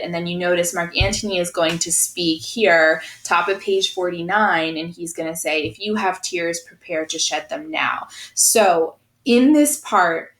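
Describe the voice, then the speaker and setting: A woman's voice: fairly low pitch, a bit bright, reverberant, poor audio. Woman teacher explaining to her class. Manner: explanatory, checking in with students. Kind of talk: recorded class lesson.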